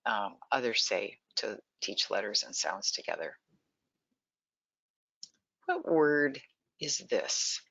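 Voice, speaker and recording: A presenter teaching early literacy in an online webinar, explaining patiently and pausing to ask listeners questions. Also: medium pitch, lively intonation, creaky, fairly bright tone, dry recording. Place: lives in Texas. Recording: dull lo-fi dry sound.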